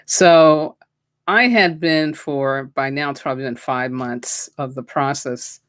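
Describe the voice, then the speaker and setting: Woman host, spiritual teacher; slow, heartfelt storytelling and prayer; dry, close sound. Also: very deep voice, fairly bright tone, no room sound.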